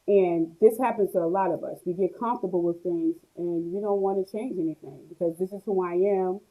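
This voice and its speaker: A woman's voice: on the low side, fairly quick, dark tone, poor audio. A woman, hosting a live stream where she reads viewer comments aloud and answers them with laughter. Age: 40s. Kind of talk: casual live stream talk.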